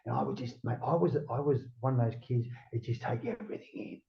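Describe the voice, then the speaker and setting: Gravelly Australian bloke swearing freely. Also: male voice, medium pitch, fast talker, lo-fi sound. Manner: rambling, swears freely, says "mate" constantly. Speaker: guest. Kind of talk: casual interview chat.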